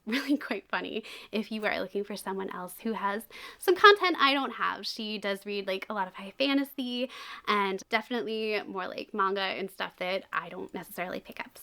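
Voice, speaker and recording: A young woman chatting casually about books she has read, animated and often laughing as she talks. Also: medium pitch. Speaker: book reviewer. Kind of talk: casual book review chat.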